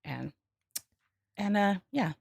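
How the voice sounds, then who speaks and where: A woman in her forties hosting a podcast in casual chat, bubbly and animated, laughing often. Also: mid-range voice, slow pace, gravelly, husky, no echo, studio quality. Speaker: podcast host. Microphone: studio microphone.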